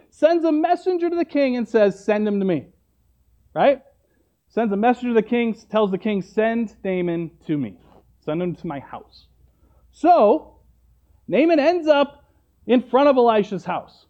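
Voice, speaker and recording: A man's voice: very high voice, dull audio. A man preaching a sermon, retelling a story in a conversational way and often checking in with "right?".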